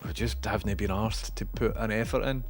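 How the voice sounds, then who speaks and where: A man's voice: lowish voice, steady tone, moderate pace. Chatty Scottish streamer man. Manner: chatty, rambling, self-mocking. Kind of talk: casual chat reading out viewer messages.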